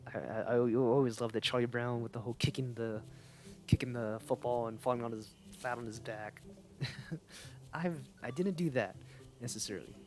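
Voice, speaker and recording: A man's voice: medium pitch, moderate pace. A young man chatting casually while streaming a video game, rambling and often correcting himself mid-sentence. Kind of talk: casual livestream commentary.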